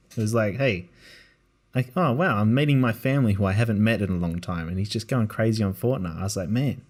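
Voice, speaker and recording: A man in his twenties hosting a podcast, telling rambling anecdotes in casual chat and acting out the quoted people. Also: medium pitch. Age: 20s. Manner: rambling anecdotes with acted-out quotes and frequent laughter. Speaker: podcast host.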